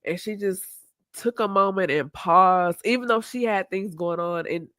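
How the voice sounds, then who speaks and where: A woman's voice: medium pitch, moderate pace, no room sound, clean studio sound. Reflective woman host. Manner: reflective, open, quotes herself and others in lively voices. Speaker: podcast host. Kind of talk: candid conversational chat.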